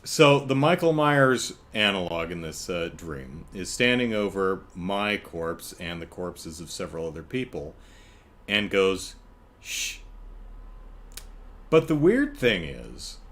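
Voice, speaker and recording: A man's voice: fairly low pitch, big pitch swings, measured pace. A man hosting a casual solo podcast from home, telling stories in a wry, chuckling way with lots of restarts. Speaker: podcast host. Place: home, apartment.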